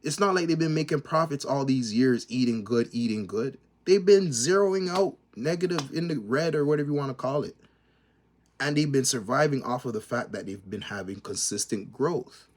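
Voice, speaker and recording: A man's voice: medium pitch, fairly quick. Emphatic Canadian man with slang. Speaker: commentator. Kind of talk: opinionated commentary rant.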